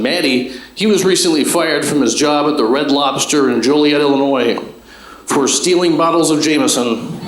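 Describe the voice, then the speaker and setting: A Chicago stand-up comedian works a club stage with a handheld mic, telling family stories in a dry, offhand, conversational way and tossing quick questions to the crowd. His everyday-pitched voice echoes around a roomy live space, with a faint room hum beneath.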